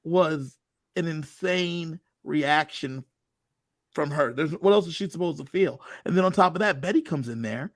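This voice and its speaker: A man's voice: on the high side, dry recording, studio quality. A man co-hosting a casual podcast, talking emphatically about the show. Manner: emphatic, quick to agree. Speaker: co-host. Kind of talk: casual podcast recap chat.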